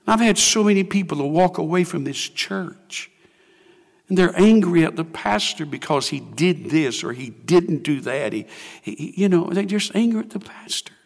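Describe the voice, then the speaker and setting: A man's voice: high-pitched, animated, moderate pace, vocal fry. An older man, preaching a sermon as pastor and acting out people's prayers in quoted voices. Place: church sanctuary. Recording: long hall reverb.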